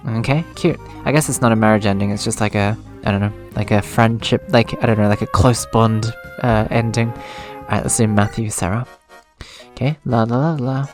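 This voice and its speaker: A man's voice: fairly low pitch, steady tone, normal speed, faint music behind. A man hosting a reading of game dialogue, making offhand, rambling comments between scenes.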